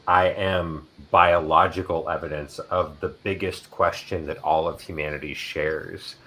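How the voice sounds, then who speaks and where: A man hosting a talk show and giving readings, speaking slowly and in a measured way as he makes grand claims. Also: extremely low pitch, fairly even intonation, bright, forceful tone, rough recording. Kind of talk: casual talk. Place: city in Ireland.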